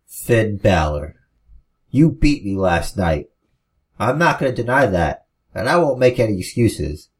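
A man's voice: on the low side, big pitch swings. A man voicing an arrogant male wrestling villain, sneering and methodical. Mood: cold. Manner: measured and methodical, then sneering.

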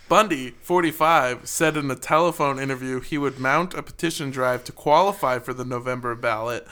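Male podcast co-host, bright and crisp, slightly high, sarcastic news reader with profane asides. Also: normal speed. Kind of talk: casual comedic podcast chat.

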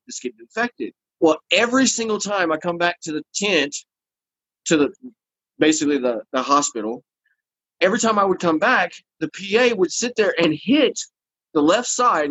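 A man's voice: fairly high pitch, breathy edge, no room sound, lo-fi sound. A man telling a long story in casual chat and acting out the people in it. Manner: animated, acts out the people in his story.

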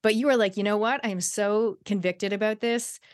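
A woman's voice: medium pitch, fairly even intonation, a little fast. A woman hosting a podcast interview, speaking enthusiastically and addressing her listeners. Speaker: podcast host. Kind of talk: casual interview chat.

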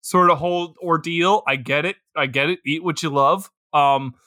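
A man's voice: on the high side, fairly even intonation, normal speed, sharp tone, dry recording, studio quality. A man co-hosting a podcast in casual comedic chat, laughing often and swearing freely. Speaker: podcast co-host.

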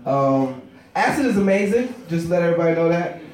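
A man in his thirties doing a stand-up comedy set, loud and profane, rambling and shouting his punchlines. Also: fairly high pitch, expressive, a little fast, very echoey, far from the mic. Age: 30s.

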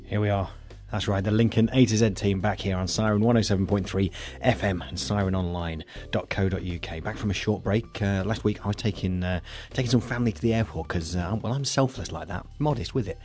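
A man's voice: fairly low pitch, a little fast, few pauses, a little mellow. A man with an English accent co-hosting a local radio show, chatting and teasing his partner with lots of fillers. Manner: joking, teasing, with frequent fillers.

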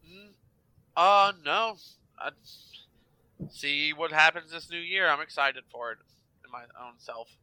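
A tired man with a fairly high, bright and smooth voice, recorded dry and close. He speaks haltingly, often groping for the right word. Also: expressive, dry recording. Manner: halting, searching for words. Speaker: teacher, podcast guest. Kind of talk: casual chat.

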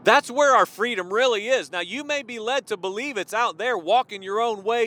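A man delivers an impassioned sermon. His voice sits high and bright, cutting through the room. He slides from hushed, pleading lines into loud, declarative surges. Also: normal speed, hardly any pauses. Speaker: preacher.

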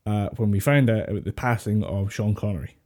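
A man's voice: on the low side, fairly quick, darkish tone. A man co-hosting a podcast over a voice call, rambling, laughing often and swearing casually. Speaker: podcast co-host. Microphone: voice call headset or desk mic.

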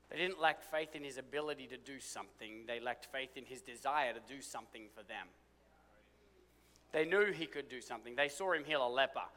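A man preaching a sermon, swinging from loud, emphatic lines to hushed, low ones. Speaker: pastor. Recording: long hall reverb.

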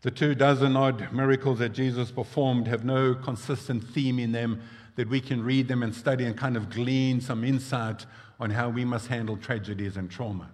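A man's voice: mid-range voice, steady tone, moderate pace, darkish tone, big-room sound. A male pastor preaching a sermon, explaining scripture in a conversational way with personal asides.

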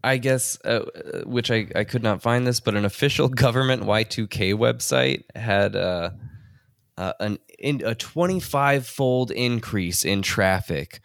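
A man's voice: medium pitch, a little slow, gravelly, a bit bright, dry recording, studio quality. A man co-hosting a casual podcast chat, rambling through stories with fillers and laughs. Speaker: podcast co-host.

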